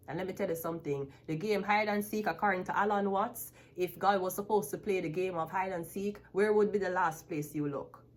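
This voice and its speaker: A woman, a tarot reader ranting bluntly and profanely to the camera. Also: lowish voice. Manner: profane, blunt, emphatic, laughs often. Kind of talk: unscripted rant to camera.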